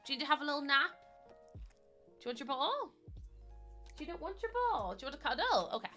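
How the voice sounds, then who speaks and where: A woman's voice: high-pitched, big pitch swings, fast, pauses often, bright, forceful tone, soft background music. A woman streaming a game in a casual, rambling chat. She giggles often, says um a lot, and coos in baby talk to her dog. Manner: chatty and giggly, rambling with many ums.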